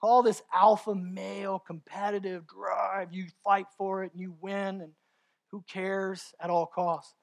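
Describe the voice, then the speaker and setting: A man's voice: high-pitched, little pitch movement, a little slow, vocal fry. Male pastor, passionate sermon delivery, confessional and heartfelt. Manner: passionate, rises to near-shouting in climaxes; confessional, candid storytelling.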